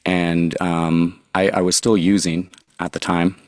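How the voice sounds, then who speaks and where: A man being interviewed about his past, telling it in an earnest, halting, confessional way. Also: sits low, little pitch movement, no room sound. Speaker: guest, drug recovery consultant. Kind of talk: candid personal storytelling.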